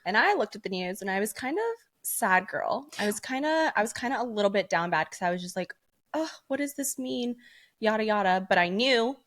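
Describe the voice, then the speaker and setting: A woman's voice: mid-range voice, fairly quick, hardly any pauses, fairly bright tone. A young woman co-hosting a podcast in casual chat, playful, slangy and chatty. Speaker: podcast co-host.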